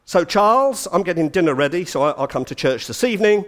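A man's voice: high voice, big pitch swings, fast, a bit bright, pitched above the performer's own voice. A man doing a firm, protective mother.

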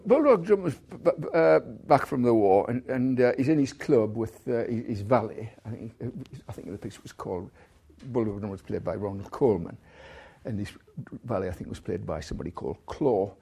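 A man's voice: on the low side, lively intonation, brisk, vocal fry, warm tone, husky. A man giving a rambling university lecture, full of restarts, stumbles and asides.

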